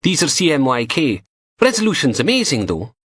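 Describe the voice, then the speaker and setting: A male narrator voicing a punky young female forensic technician who teases in a dry, deadpan way. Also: fairly high pitch, fairly quick, husky, voice pushed up, heavily acted. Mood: teasing.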